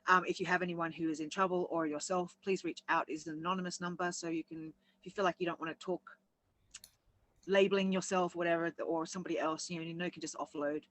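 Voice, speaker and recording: Casting: chatty co-host woman, bright tone, dry close sound, rambling and laughing often. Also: lowish voice, steady tone, fast, no echo, rough recording. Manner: rambling, laughs through her story. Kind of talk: casual chat.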